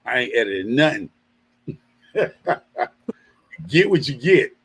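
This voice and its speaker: A man's voice: mid-range voice, very animated, takes it slowly, slightly rough, low-quality recording. A man chatting on a live stream, blunt and joking, cussing casually. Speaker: guest.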